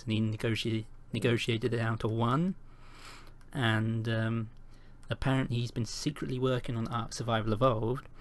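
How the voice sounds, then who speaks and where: A man hosting a casual podcast chat, opinionated and emphatic as he talks. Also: mid-range voice. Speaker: podcast host.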